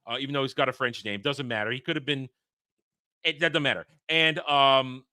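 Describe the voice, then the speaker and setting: A man with a bright, forceful voice and an opinionated, emphatic way of talking. He hosts a casual film review chat, recorded dry and close. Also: medium pitch, a little fast, smooth, dry recording. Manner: opinionated, animated, emphatic rants. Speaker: podcast host reviewing a film.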